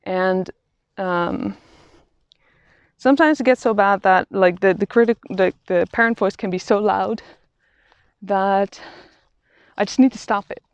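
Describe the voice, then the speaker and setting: A woman talking through a reflective vlog while out on a quiet walk in nature, halting and thoughtful, often restarting her sentences. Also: medium pitch, clean tone, no echo. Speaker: vlogger. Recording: dull, slightly lo-fi sound.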